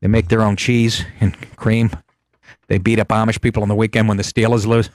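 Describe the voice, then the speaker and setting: A man's voice: on the low side, level tone, brisk, a little mellow, no room sound, clean studio sound. A middle-aged man hosting a comedy talk show, ranting sarcastically with profanity and frequent laughs. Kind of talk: comedic radio show banter.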